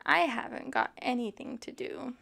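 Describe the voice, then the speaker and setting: A woman's voice: high-pitched, normal speed, gravelly, sharp tone, slight background noise, exaggerated voice. A woman voicing a young male dragon who shows off and then feels lonely, in a storybook reading, sounding eager and pleading. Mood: forlorn.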